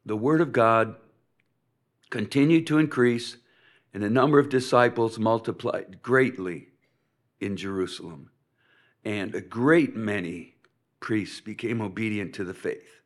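A man giving a sermon-style lecture to a seminary class, hoarse and coughing often, speaking haltingly with many pauses and restarts. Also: fairly low pitch. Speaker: preacher teaching a seminary class.

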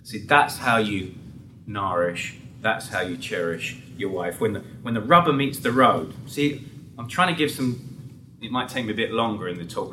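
A man's voice: mid-range voice, sharp tone, slight background noise. A man, a pastor, preaching a sermon in an earnest, conversational way with frequent restarts. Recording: roomy hall, voice from a distance.

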